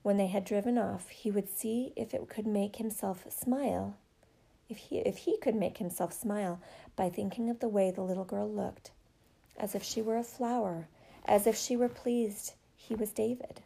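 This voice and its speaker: Gravelly, mellow woman storyteller. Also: mid-range voice, steady tone, moderate pace. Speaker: narrator. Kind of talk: audiobook reading of a novel.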